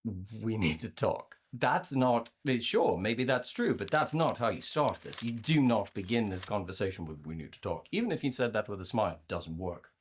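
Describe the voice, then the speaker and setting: A man presenting a workshop on communication to a virtual audience, conversational and animated, often repeating words as he restarts his sentences. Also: moderate pace, hardly any pauses, husky. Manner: acts out inner voices with playful pitch jumps. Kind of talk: live talk to a virtual audience.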